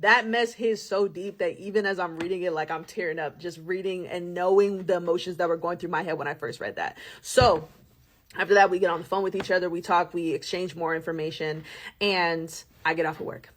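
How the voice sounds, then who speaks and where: A woman telling a personal story to camera in a casual, animated way, full of slang and laughter. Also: on the low side, a little fast, slight background noise. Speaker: storyteller vlogger.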